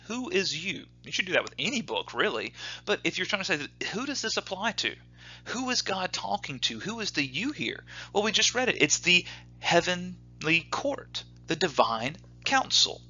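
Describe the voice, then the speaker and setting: A man teaching a church Bible class, lively and questioning, reading scripture aloud. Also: on the high side. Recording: dull lo-fi recording.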